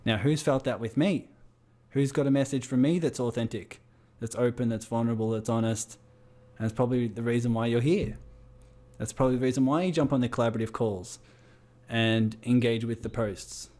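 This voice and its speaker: Brief: Australian male business coach, mid-pitched, on a video call, keeps asking the group rhetorical questions. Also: steady tone, a little fast, a little mellow.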